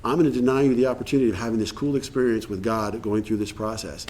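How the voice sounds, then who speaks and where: A man's voice: lowish voice, steady tone, quick pace, a little mellow, slight background noise. A man leading a recovery workshop in a meeting room, talking earnestly and acting out bits of dialogue. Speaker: workshop speaker.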